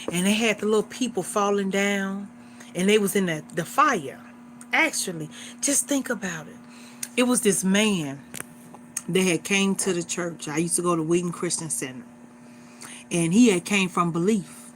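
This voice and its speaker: A woman's voice: mid-range voice, moderate pace, a little hiss or hum. A woman in her forties hosting a livestream, talking to her viewers in an earnest, repetitive, exhorting way, like a casual sermon. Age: 40s. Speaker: livestream host.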